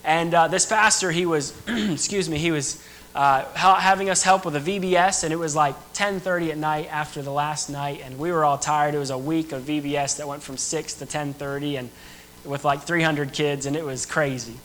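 A man's voice: on the high side, steady tone, moderate pace, a bit bright, slight background noise, rough recording. A young man preaching an earnest, emphatic sermon to a church. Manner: earnest, emphatic preaching with rising and falling intensity.

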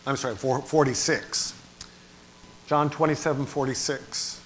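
A man preaching a sermon, moving from quiet, low passages to loud, dramatic cries. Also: steady tone, a little slow. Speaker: pastor.

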